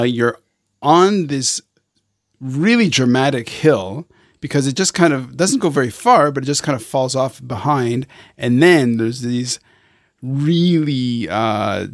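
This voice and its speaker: A man hosting a podcast conversation, describing a photo in slow, searching detail. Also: medium pitch, no room sound, studio quality. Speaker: podcast host. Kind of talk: casual conversation.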